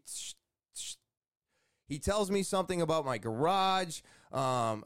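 A man's voice: a little high, clear, resonant tone, dry recording, clean studio sound. Chatty man telling a homeowner story. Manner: chatty, animated retelling with quoted dialogue. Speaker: homeowner vlogger. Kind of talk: casual storytelling to camera.

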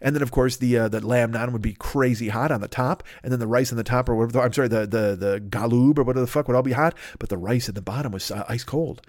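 A man's voice: mid-range voice, fast talker, hardly any pauses, a little mellow, dry recording, clean studio sound. A man hosting a podcast, delivering a comedic solo monologue as a profane, rambling rant full of tangents. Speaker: podcast host.

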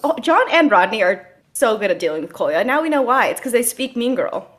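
A woman's voice: a little high, brisk, slight background noise. A woman co-hosting a podcast, chatting casually and acting out characters' lines with lots of laughter. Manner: animated, quoting characters in put-on voices. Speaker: podcast co-host. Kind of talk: casual laughing rewatch chat.

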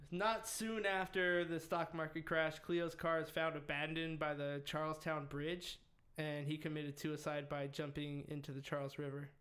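Dude narrating true crime on a podcast, casual and jokey, kinda high voice, forceful tone. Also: male voice, little pitch movement, normal speed. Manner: storytelling, loose and joking, swears freely. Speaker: podcast co-host telling a true-crime story. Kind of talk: casual profane chat.

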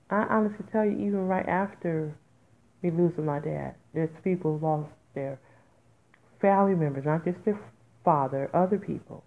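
A woman with a low, gravelly voice hosts a podcast and talks from the heart. She speaks in an informal, conversational way and keeps breaking into raw, emphatic bursts. The sound is thin and tinny, as if it came through a phone line. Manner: raw, candid, emphatic with sudden loud outbursts. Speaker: podcast host. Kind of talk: emotional personal monologue.

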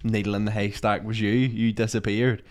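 A man's voice: fairly low pitch, level tone, a little fast. A young man, animatedly telling a story in casual chat and acting out his friends' lines.

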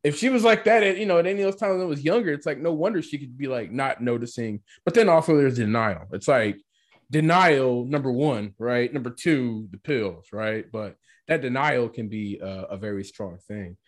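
A man's voice: mid-range voice, moderate pace. A man co-hosting a podcast, chatting casually and rambling with frequent "right?" asides. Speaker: podcast co-host. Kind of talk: casual chat.

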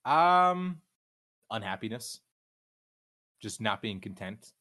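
Young male streamer guest, low-ish voice with a bright edge, candid and swearing, talks in loose restarts. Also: very animated, slow. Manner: profane, candid, rambling with restarts. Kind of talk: casual chat.

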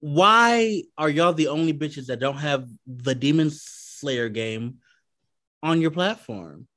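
A man co-hosting a podcast, ranting in casual chat with lots of swearing and animated outbursts. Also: on the high side, takes it slowly, no echo, clean studio sound. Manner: profane, animated rants. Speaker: podcast co-host.

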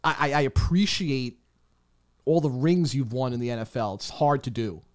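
A man's voice: mid-range voice, moderate pace. A man co-hosting a casual sports podcast, joking around and laughing often. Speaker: podcast co-host.

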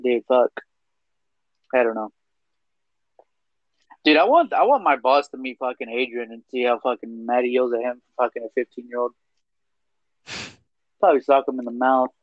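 A young man rambling through a casual chat, swearing constantly and stringing stories together with fillers. His voice is middling in pitch and comes through a dry, dull, lo-fi mic. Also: moderate pace, long pauses, no room sound.

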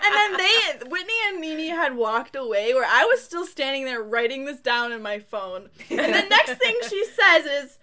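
A woman's voice: sits high, sing-song, moderate pace, bright, forceful tone. A woman co-hosting a podcast, teasing her friends and breaking into giggles while telling a story. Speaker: podcast co-host. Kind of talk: casual chat among friends.

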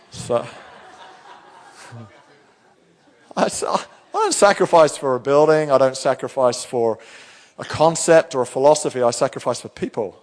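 A man's voice: mid-range voice, unhurried, pauses often, a little mellow. A middle-aged male pastor preaching a sermon in church, talking in a conversational, storytelling way with frequent restarts.

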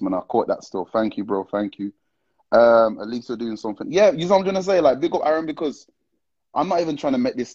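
A tipsy man hosts a casual livestream, chatting with viewers in thick slang. His voice is mellow and a little husky. The stream audio is dull and lo-fi. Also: fairly low pitch. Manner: excitable, slang-heavy, talks to viewers. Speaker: livestream host. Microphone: live stream with call-ins.

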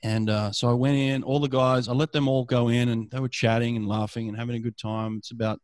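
A man's voice: mid-range voice, flat delivery, brisk, darkish tone, no room sound. A middle-aged man, a swim coach telling stories in casual conversation, often restarting his phrases. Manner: storytelling, frequent restarts.

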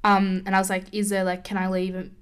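A woman's voice: medium pitch, completely flat delivery, brisk, clear, resonant tone. A young woman co-hosting a casual podcast, chatty and full of "like", swearing freely. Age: young adult. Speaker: podcast co-host. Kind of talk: casual chat.

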